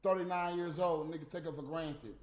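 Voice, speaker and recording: A man's voice: a little high, fairly even intonation, a little fast, echoey room. A middle-aged man ranting on a livestream, blunt and exasperated, cursing freely. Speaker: livestream host. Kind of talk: profane off-the-cuff rant.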